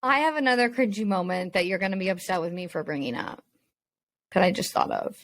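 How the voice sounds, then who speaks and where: A woman's voice: mid-range voice, expressive, a little fast. Woman, podcast co-host, casual chat, emphatic, joking exasperation.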